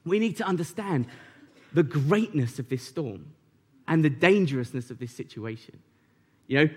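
A man preaching a sermon in a conversational way, retelling scenes with rising animation. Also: high voice. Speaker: pastor.

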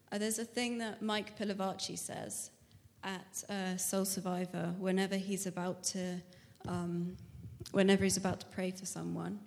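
A woman shares a personal testimony with a church group, soft and hesitant with frequent ums. Her voice sits at a middle pitch. Her words ring out with long reverb in a big church hall. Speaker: speaker giving a testimony.

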